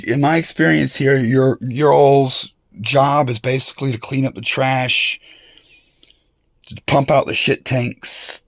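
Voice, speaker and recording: Man with a gravelly voice, rambling and confrontational, swearing a lot, dry recording. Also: medium pitch, no echo. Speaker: vlogger. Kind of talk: rambling monologue rant.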